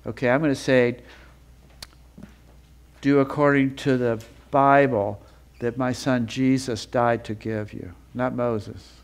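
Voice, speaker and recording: A male preacher in the middle of a sermon, with a voice of ordinary pitch. He builds with feeling through repeated phrases and drops lower and slower when he reads scripture aloud. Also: fairly even intonation. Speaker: Bible teacher. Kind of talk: sermon teaching.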